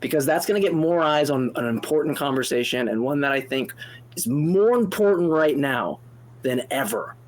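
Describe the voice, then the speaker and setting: A man co-hosting a call-in debate show, animated and exasperated, speaking in fast bursts with restarts and swearing freely. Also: on the high side. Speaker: co-host answering a caller.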